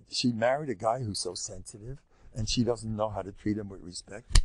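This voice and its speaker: An older man, a rabbi giving a Torah lesson in an animated storytelling way, acting out quotes. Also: lowish voice, moderate pace, no room sound. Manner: animated storytelling, acts out quotes, mixes in Yiddish and Hebrew. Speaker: rabbi teaching a class.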